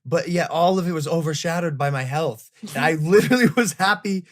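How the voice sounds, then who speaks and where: A man hosting a casual podcast chat, telling an animated story full of swearing, recorded in a hotel room while traveling. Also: on the high side, fairly quick. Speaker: podcast host.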